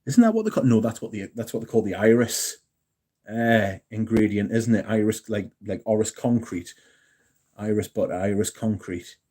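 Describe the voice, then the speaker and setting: A man's voice: lowish voice, expressive, moderate pace, mellow. A man in his thirties hosting a livestream, rambling and swearing as he chats with viewers. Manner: rambling and profane, answers chat questions. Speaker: livestream host. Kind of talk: casual chat with viewers.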